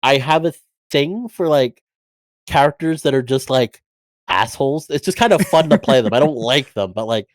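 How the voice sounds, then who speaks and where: A woman's voice: a bass voice, expressive, moderate pace, dry recording. A woman voice actor chatting casually on a podcast, hesitant and full of fillers. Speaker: voice actor guest.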